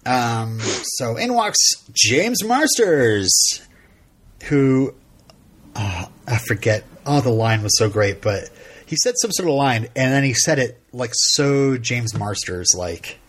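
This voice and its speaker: A man talking casually as a podcast co-host, recapping a show in a loose, meandering way. His voice is a little husky and breathy, at a middle pitch, and he keeps stopping to restart his sentences with ums and uhs. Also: animated, a bit bright. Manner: rambling, halting, with frequent fillers and laughs. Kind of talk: casual episode recap chat.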